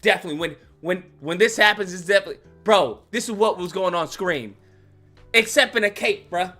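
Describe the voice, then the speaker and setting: A man ranting comically about a movie as a YouTube host, slangy and animated, acting out scenes. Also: high voice, brisk, faint music behind. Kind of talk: comedic movie rant.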